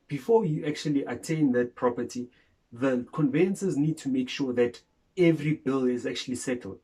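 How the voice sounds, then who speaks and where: Husky man explaining property steps. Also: medium pitch, mellow, low-quality recording. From South Africa. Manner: explanatory, repeats "actually" and "so now". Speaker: co-host. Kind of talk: casual property advice chat.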